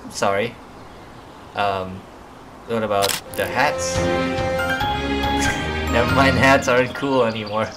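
Guy chatting thru a game, slow and drawn out, loud music going behind. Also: fairly low pitch. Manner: playful, chatty, exclaiming. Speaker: gamer. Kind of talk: casual game commentary.

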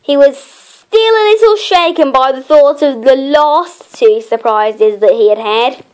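A woman narrating her own homemade children's story in a gentle storytelling manner. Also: high-pitched, slight background noise. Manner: gentle, slow storytelling with small laughs.

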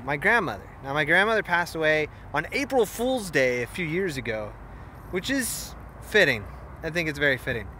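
A man's voice: a little high, fairly bright tone, a little hiss or hum. Rambling young man vlogging outdoors by phone. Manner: rambling, frustrated, turns wistful. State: a little out of breath. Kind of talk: casual outdoor selfie vlog. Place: outdoors by a muddy wildlife preserve near an airport. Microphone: phone held at arm's length.

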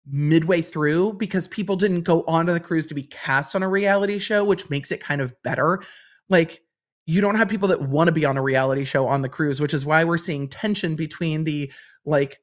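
A woman in her forties from Los Angeles hosting a casual livestream, chatting and reading viewer comments, often repeating phrases for effect. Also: deep voice. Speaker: host and lawyer commentator.

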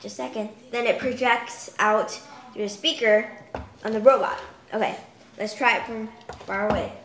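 A woman's voice: fairly high pitch, fairly even intonation, normal speed, a bit bright, roomy sound, a little hiss or hum. A young woman showing off a toy in a chatty home video, stringing thoughts together with many fillers. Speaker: toy demonstrator. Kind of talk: casual product demo.

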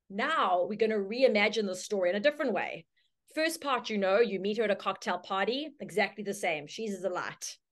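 A woman teaching a branding workshop, telling a story with lively, chatty delivery and acted-out voices. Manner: storytelling, acts out quoted voices with sudden high squeals. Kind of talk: live online workshop talk.

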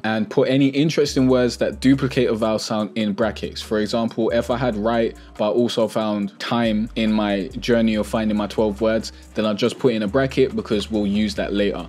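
A young man hosting a music tutorial, explaining in a relaxed, chatty way and correcting himself as he goes. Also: on the low side. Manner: relaxed, chatty, self-correcting, plugs own products.

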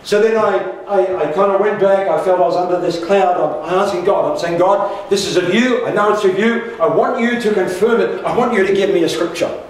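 An older pastor preaching a sermon, his fairly high voice carrying through a very echoey church hall. He is picked up from a distance and tells a personal story with humour and quick asides. A faint hiss sits under the recording.

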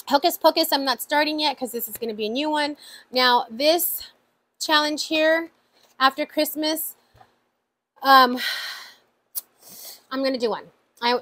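A woman vlogging about her savings challenges, chatting excitedly to viewers and counting money out loud. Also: high-pitched, low-quality recording. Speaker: budgeting vlogger. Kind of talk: casual vlog talk to viewers.

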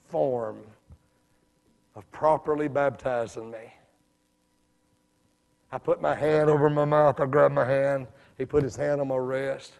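A man preaching a sermon in a church, folksy, dropping to hushed asides and rising to shouts. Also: medium pitch, gravelly. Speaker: evangelist preacher. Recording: reverberant hall.

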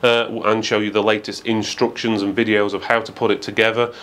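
A man's voice: on the low side, flat delivery, fairly quick, a bit bright. A man giving a methodical, matter-of-fact product review with frequent fillers. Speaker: tech reviewer.

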